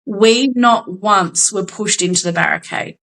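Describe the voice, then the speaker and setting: Bright, animated Australian woman. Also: medium pitch, unhurried, creaky, rough recording. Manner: animated storytelling, swears casually, acts out quotes. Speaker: podcast co-host. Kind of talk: casual chat.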